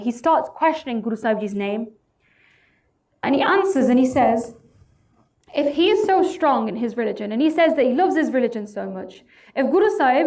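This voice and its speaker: High-voiced woman telling a sacred story. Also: far from the mic. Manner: earnest, retelling with quoted dialogue. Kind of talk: religious storytelling talk.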